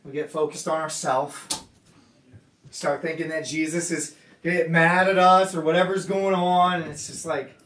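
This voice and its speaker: A man preaching a sermon in a conversational way, dropping to a hushed lower voice when he quotes God. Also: steady tone, normal speed, slight background noise. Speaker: pastor. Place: church meeting room. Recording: roomy sound from a distant mic.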